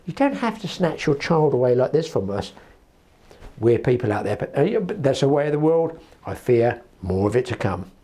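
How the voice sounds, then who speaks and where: A man's voice: medium pitch, big pitch swings, moderate pace, warm tone. A middle-aged man chatting casually to the camera as a fishing channel host, rambling through stories. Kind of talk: casual vlog chat. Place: garden cabin.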